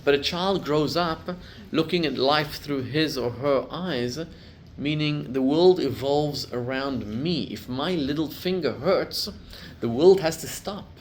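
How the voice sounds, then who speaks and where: A middle-aged man, a rabbi, giving a class to a live group, telling stories and building to loud emphatic peaks. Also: a little high, slow, few pauses, a little hiss or hum.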